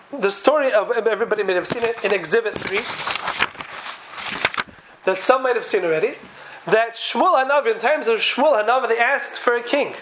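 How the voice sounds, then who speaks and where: A man's voice: very high-pitched, fairly bright tone, slight background noise, rough recording. A man giving a Talmudic lecture to a class, posing question after question in a sing-song study cadence. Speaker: Torah teacher.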